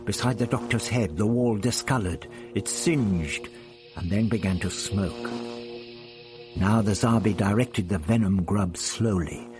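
A man narrating an audiobook in a dramatic, measured storytelling manner. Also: on the low side, music in the background.

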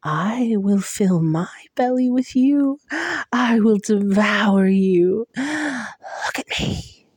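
A woman's voice: medium pitch, expressive, extremely slow, darkish tone, husky, dry recording, heavily acted. A woman voicing an ancient, hollow-voiced monster that whispers threats from afar in an audiobook reading. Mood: menacing whisper.

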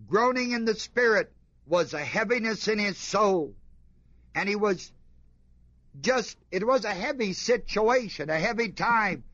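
Guy preaching a sermon, asks the crowd lots of questions, goes quiet then fired up, kinda muffled dry lo-fi sound. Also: high voice, expressive, measured pace, no room sound. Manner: emphatic, rhetorical questions to the congregation, swings between hushed and fervent. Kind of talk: sermon, reading and commenting on scripture.

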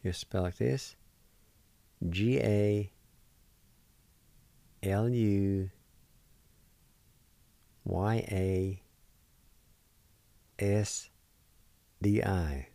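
Male radio host, language teacher; patient and encouraging, mellow tone, dry close sound. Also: fairly low pitch, extremely slow, gravelly, pauses often, no echo. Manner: patient, spells words letter by letter and repeats them. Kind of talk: slow spelling and pronunciation lesson.

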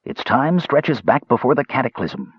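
A man voicing a frail male mage who speaks softly, quietly and with cool disdain. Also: mid-range voice, sing-song, moderate pace, husky, no echo, dull audio, pitched above the performer's own voice. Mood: grave. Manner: soft, quiet, cool and dismissive. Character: soft-spoken frail male mage, cold and cutting. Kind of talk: audiobook character voice.

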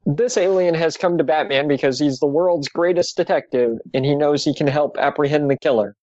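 On a podcast, a male host with a slightly high voice briskly recaps an old comic book story, steadily summarizing with dry asides. The audio is dull, with no echo.

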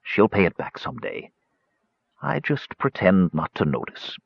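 A man voicing an elderly, kindly innkeeper who speaks in a slow, soft whisper. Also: on the low side, lively intonation, dry recording, pitched above the performer's own voice. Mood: hushed. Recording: slightly dull audiobook recording.

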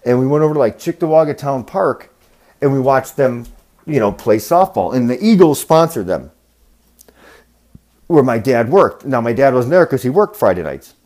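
Medium in pitch, expressive, and a little mellow, this podcast host talks at normal speed. His casual monologue rambles through profane stories, and he performs the voices of people he quotes.

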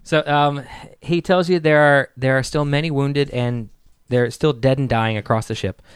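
A man narrating a tabletop game as game master, with halting speech and frequent restarts. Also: mid-range voice, fairly even intonation, clean tone, no echo, studio quality. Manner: halting, full of restarts and fillers.

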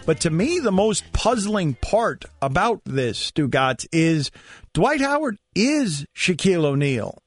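A male sports radio host telling stories in lively banter, a fairly high voice that keeps acting out lines. The studio sound is dry and close. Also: slow, no echo. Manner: animated storyteller who shouts out quoted lines.

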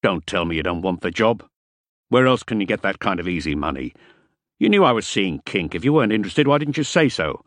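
A man's voice: deep voice, animated, brisk, fairly bright tone, no room sound. A man voicing an impatient, domineering French ex-soldier who talks curtly and irritably. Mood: angry.

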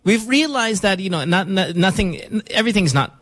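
Guy on morning radio, a bit high and really bouncy, teasing everyone. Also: expressive, moderate pace, fairly bright tone. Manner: teasing, laughs through lines. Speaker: radio morning show host. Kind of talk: casual radio banter.

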